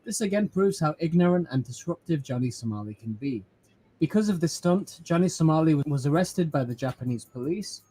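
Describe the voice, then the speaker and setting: A man giving scripted documentary narration in an even, matter-of-fact way. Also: a little high, brisk, slight background noise, rough recording.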